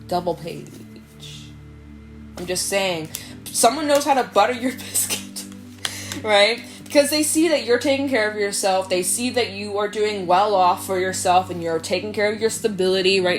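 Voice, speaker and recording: A woman reads tarot cards for her viewers in a loose, chatty way, with her pitch sitting mid-range for a woman. Soft music plays faintly underneath her voice. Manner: chatty, fillers like "y'all", laughs often. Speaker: tarot reader. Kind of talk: casual tarot reading to camera. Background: soft background music.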